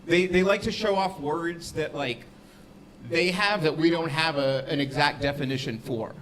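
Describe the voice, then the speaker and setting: A man performing a standup set, telling a quick story and putting on foreign voices. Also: fairly high pitch, fairly bright tone, a little hiss or hum. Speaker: standup comedian.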